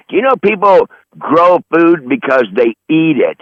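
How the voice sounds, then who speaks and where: A man's voice: on the high side, sing-song, moderate pace, vocal fry, hardly any pauses, no room sound. A man rambling in crude, profane casual chat, calling in from outdoors in his garden over a phone line. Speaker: regular call-in guest.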